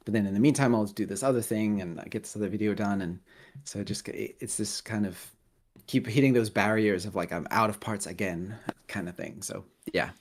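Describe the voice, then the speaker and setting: A man's voice: fairly low pitch, fairly even intonation, normal speed. Laughing, rambling man on a call. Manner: laughs often, rambling and self-correcting. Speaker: guest, Lego builder. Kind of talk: casual interview chat.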